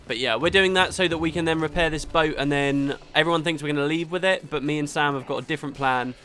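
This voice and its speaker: A man's voice: a little high, quick pace, fairly bright tone. A young man hosting a let's play at home, chatting and rambling as he reacts to the game, recorded on a desktop mic. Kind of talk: gameplay commentary. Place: home room during a thunderstorm. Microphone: desktop mic recorded in Audacity.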